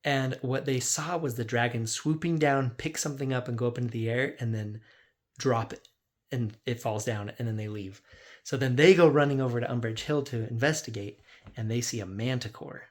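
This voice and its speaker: A man's voice: mid-range voice, normal speed. A man who runs a tabletop game as dungeon master, casually recapping his sessions in a rambling way, full of "like.". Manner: rambling, lots of "like", acts out quotes.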